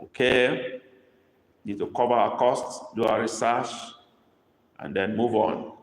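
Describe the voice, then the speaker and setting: A man teaching a live-streamed language lesson, coaxing students and repeating each prompt slowly. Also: medium pitch, steady tone. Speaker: language tutor. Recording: echoey room with long reverb.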